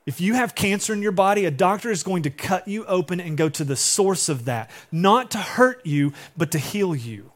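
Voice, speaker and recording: A man's voice: sits high, expressive, moderate pace, few pauses. A young adult man preaching a sermon in a casual, conversational way, acting out quotes. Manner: conversational, acts out quotes in different voices. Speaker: pastor.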